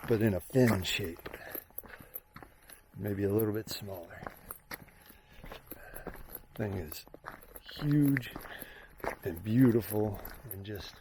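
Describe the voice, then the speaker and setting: A man's voice: lowish voice, noisy background. A young man from the US Midwest, narrating a trail hike for his viewers, chatty and openly awed by the scenery. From Indiana, US Midwest. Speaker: hiking vlogger. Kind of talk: casual narration while hiking. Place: outdoors on a mountain trail.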